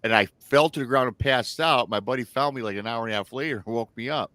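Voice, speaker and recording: A man's voice: mid-range voice, fast talker, bright, forceful tone, dry recording. A man from Michigan hosting a casual live-stream chat, rambling through stories and reading out chat comments. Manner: rambling storyteller, reads chat aloud. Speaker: host.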